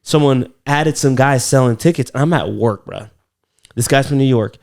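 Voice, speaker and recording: Gravelly man telling stories casually. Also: medium pitch, normal speed, a little mellow. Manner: loose, profane storytelling. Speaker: podcast co-host. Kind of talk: casual chat.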